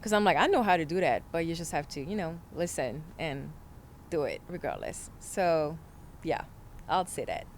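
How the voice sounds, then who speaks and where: A woman's voice: low-pitched, sing-song, normal speed, a little hiss or hum. A young woman from France with a French accent, a guest in a casual interview, talking animatedly and switching between English and French.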